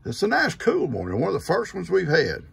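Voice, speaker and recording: An older man, a grandfather teasing his grandchild in a folksy, unhurried way while outdoors on a farm. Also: high voice, wildly swooping pitch, creaky, a bit bright, breathy edge. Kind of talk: casual chat with a grandchild. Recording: noisy outdoor recording with vehicle sounds.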